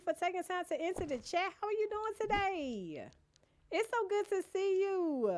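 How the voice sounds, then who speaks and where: A woman's voice: very high-pitched, sing-song, moderate pace. A woman live-streaming a cozy decorating game, chatting casually with her chat, greeting and thanking viewers by name, teasing them playfully and laughing often.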